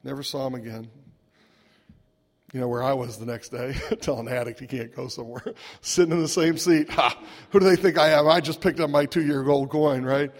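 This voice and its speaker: A man's voice: mid-range voice, fairly even intonation, moderate pace. A man telling a humorous personal recovery story to a meeting, chuckling and asking "right?" as he goes. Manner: wry, chuckling, conversational with lots of "right?" asides. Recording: long echoing hall reverb.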